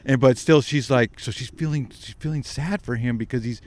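A man's voice: mid-range voice, fairly quick, darkish tone, no echo. Rambling male podcast co-host, dry sound. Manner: rambling, laughs while telling stories. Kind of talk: casual chat and storytelling.

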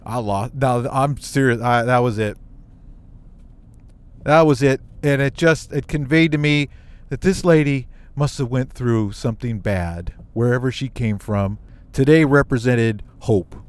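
A man from the United States telling a personal story on his own show, animated and emotional, with quick asides. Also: medium pitch, clear, resonant tone.

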